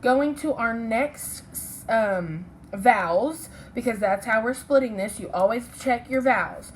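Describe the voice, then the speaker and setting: A woman's voice: a little high, a little slow, a little hiss or hum, poor audio. A woman teaching a recorded phonics lesson to children. She explains step by step, keeps checking in with "okay?", and corrects her own slips with an apology. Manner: patient, checks in with "okay?" and "right?".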